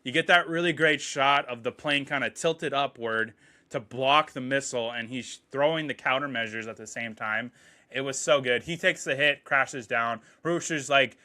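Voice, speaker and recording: Bright-voiced excited male movie reviewer. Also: mid-range voice. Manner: excited, profane, quotes scenes in quick paraphrase. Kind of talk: casual enthusiastic movie review.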